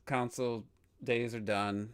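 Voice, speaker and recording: A man's voice: medium pitch, a little slow, clean tone. Laid-back male podcast co-host. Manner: relaxed, steering the talk, laughing. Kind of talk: casual chat.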